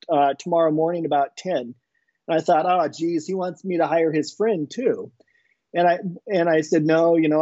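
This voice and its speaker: A middle-aged man with a fairly high, mellow voice tells a long story in a casual interview. He rambles a little and restarts his sentences. The sound is dry and a bit dull. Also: no room sound. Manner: relaxed, rambling anecdotes with many restarts. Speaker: inventor and entrepreneur guest.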